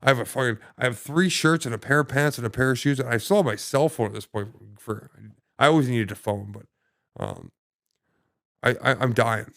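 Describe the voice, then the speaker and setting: A man telling his story as a podcast guest in casual conversation, halting and profane, full of restarts and fillers. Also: mid-range voice, gravelly, a bit bright, dry recording, clean studio sound.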